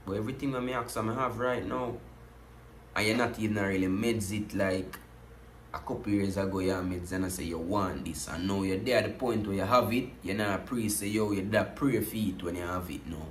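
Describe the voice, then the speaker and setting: A man's voice: lowish voice, fairly even intonation, moderate pace, slight background noise. Man talking in a roomy echo. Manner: preachy, repeats "you see me, I say". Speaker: reaction video host. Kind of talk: casual commentary to camera.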